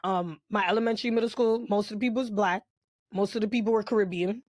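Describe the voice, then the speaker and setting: A young woman from Brooklyn, New York, co-hosting a podcast and telling her story in a chatty, animated way with casual slang. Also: medium pitch, fast talker, dry recording. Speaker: podcast co-host.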